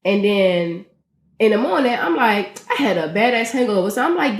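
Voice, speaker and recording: Her mid-range voice moves at a moderate pace through a reverberant space as she co-hosts a podcast. She's an animated storyteller in casual conversation, swearing without restraint and acting out what others said.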